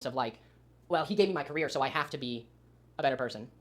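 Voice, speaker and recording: A man's voice: mid-range voice, animated, quick pace. A man co-hosting a commentary stream, reading aloud in a rush and adding wry remarks. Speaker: stream co-host.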